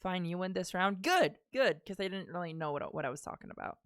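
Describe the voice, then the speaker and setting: A woman's voice: lowish voice, quick pace, no room sound, clean studio sound. A young woman streaming a game, chatting casually and joking with chat, often swearing. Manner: animated, profane, joking with chat. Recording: game music in background. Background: game music.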